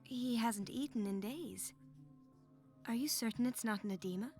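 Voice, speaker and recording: A woman's voice: on the high side, normal speed, dark tone, faint music behind, natural voice. An actress voicing a worried young female nurse who asks anxious questions in a video game.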